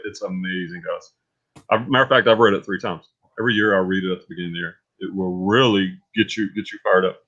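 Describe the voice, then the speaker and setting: Chatty man hosting a muffled live stream. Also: on the low side. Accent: Texan. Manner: animated, reads reviews aloud in a put-on voice. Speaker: host. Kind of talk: casual live-stream chat.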